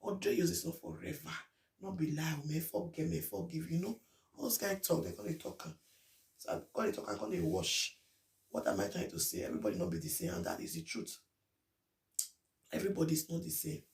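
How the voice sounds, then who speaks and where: A woman's voice: sits low, sing-song, fairly quick, creaky, a little mellow. A woman with a Nigerian accent talking casually to her viewers, emphatic and repetitive, mixing Pidgin with English. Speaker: vlogger. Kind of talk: casual talk to camera.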